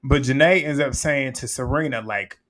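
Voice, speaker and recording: Offering casual commentary on a reality show episode, this man talks in a mid-range, slightly bright voice at a moderate pace. His recap is conversational and unvarnished, full of swearing, with bursts of laughter whenever he performs the quotes.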